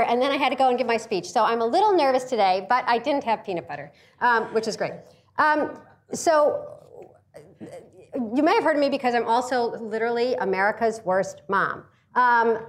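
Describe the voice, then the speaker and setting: A middle-aged woman giving a humorous talk, telling stories with jokes and acting out other people's voices, pacing as she speaks. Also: fairly high pitch. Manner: animated, jokey, acts out voices of others; paces while speaking.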